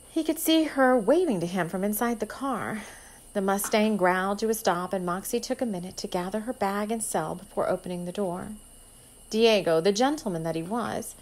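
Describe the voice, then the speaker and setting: A woman's voice: medium pitch, a little mellow, low-quality recording. Woman reading her own story aloud. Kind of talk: storybook narration.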